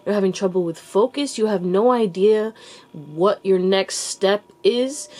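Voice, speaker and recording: A woman's voice: medium pitch, darkish tone. A woman giving a casual pick-a-card tarot reading to her viewers. She talks in a loose, rambling way, full of likes and restarts, and calls the viewers baby and you guys. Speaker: tarot reader and channel host.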